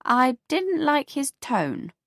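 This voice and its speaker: Casting note: female narrator doing a high, fussy old lady neighbour for an audiobook, prim and proud, voice swooping up and down. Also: very animated, slow, fairly bright tone, dry recording, studio quality, full character voice. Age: older. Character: prim elderly woman neighbour, gossipy and proud.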